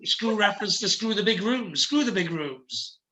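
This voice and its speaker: A man's voice: high-pitched, animated, normal speed, bright, forceful tone. A man hosting a podcast interview, chatting casually and often restarting and repeating words as he thinks. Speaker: podcast host.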